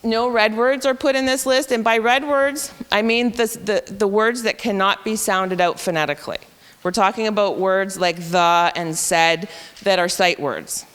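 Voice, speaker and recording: A woman's voice: mid-range voice, normal speed, fairly bright tone, clean tone, big-room sound. A woman teacher explaining a reading intervention program step by step at a professional development session. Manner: explanatory, talks through teaching steps.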